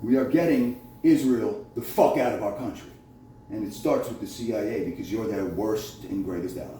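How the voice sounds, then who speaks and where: A man's voice: on the low side, normal speed, mellow. A man delivering a heated, profane, accusatory monologue to camera, recorded on a phone. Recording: very echoey room, voice far from mic, faint noise.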